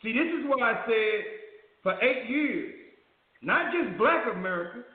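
A man's voice: very high-pitched, lively intonation, a little slow. A man hosting a talk show, building his argument in a preacherly way with rhetorical questions. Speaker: host. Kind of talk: talk radio commentary. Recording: echoey tinny phone-line audio.

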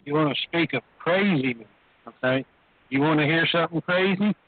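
A man comes in loud and worked up, a little higher than average. His voice is rough and husky, pushed through a thin, dry, distorted phone connection. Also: normal speed, no echo, narrow, tinny audio. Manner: loud and indignant.

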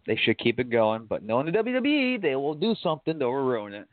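A man's voice: mid-range voice, very animated, fairly quick, dry recording. A man co-hosting a casual wrestling talk podcast, opinionated and blunt. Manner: opinionated, swears casually, laughs along. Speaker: podcast co-host. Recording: tinny phone-like line, dry.

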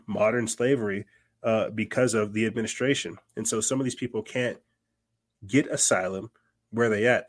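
A man from the United States hosting a podcast, rambling through casual political commentary with many fillers and repeated words. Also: fairly low pitch. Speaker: podcast host.

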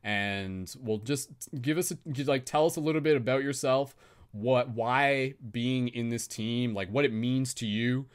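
A young man hosting a live stream, leading a slow guided visualization and then chatting casually, laughing at himself. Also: mid-range voice, smooth. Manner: laid-back, laughs at himself, drawn-out slow phrasing in guided parts. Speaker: host.

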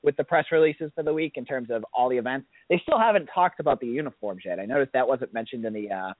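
A man co-hosting a sports talk show in a relaxed, rambling way with lots of fillers. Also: medium pitch, fast, no room sound. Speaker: co-host. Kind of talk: casual sports radio talk. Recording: dry, tinny phone-like line.

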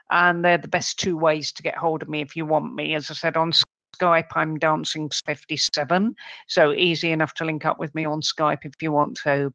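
A British woman from the UK, a medium and psychic guest on a radio show, who talks in a friendly way and spells things out clearly. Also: sits low, a bit bright, dry recording, dull audio. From United Kingdom. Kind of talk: casual radio chat.

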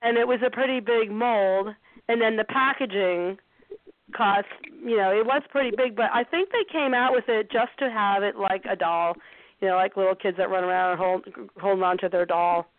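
A woman's voice: medium pitch, steady tone, moderate pace, no room sound. A middle-aged woman guest on a casual phone interview, friendly and searching her memory, often repeating words as she recalls details. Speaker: guest, former toy designer. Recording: tinny phone line.

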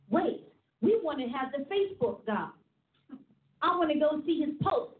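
A woman apostle preaching a teaching sermon, emphatic and repetitive with a chatty, laughing manner. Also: sits high. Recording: tinny phone-like sound in an echoey room.

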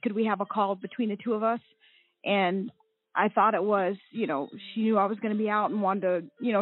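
A woman in her forties, a guest on a talk show, recounting a personal ordeal with strong emotion. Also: medium pitch. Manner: emotional, tearful at times. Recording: tinny phone line.

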